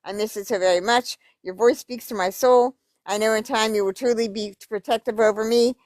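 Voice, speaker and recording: A woman's voice: fairly high pitch, steady tone, a little fast, darkish tone, no room sound. A woman reading a string of emails aloud and breaking off for blunt, profane commentary. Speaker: YouTube commentator.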